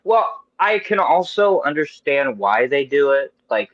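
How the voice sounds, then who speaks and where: A man in his thirties hosting a podcast, chatting casually in an animated, rambling, profane way. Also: on the high side, unhurried, dry recording, muffled recording. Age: 30s. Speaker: podcast host. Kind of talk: casual chat.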